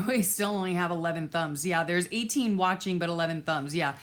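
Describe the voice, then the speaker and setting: Woman, lowish voice, casual live-stream chat, rambling, friendly thanks to viewers, drifts off mic at times. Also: brisk. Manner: chatty, reads viewer comments aloud, thanks viewers by name; many fillers and restarts, easily distracted. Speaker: crafting livestream host.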